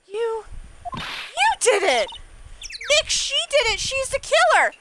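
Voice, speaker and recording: A woman voicing an excitable young female spirit medium with shrill, excited outbursts, on a noisy home stream. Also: slow, full character voice. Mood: triumphant.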